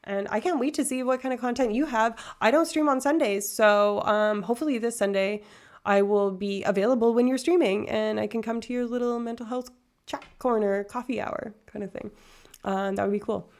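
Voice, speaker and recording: A woman's voice: fairly high pitch, moderate pace. A woman in her thirties, casually chatting with viewers on a livestream and wandering off on tangents with self-deprecating asides. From far north Alberta, Canada. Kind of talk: casual chat reading viewer comments.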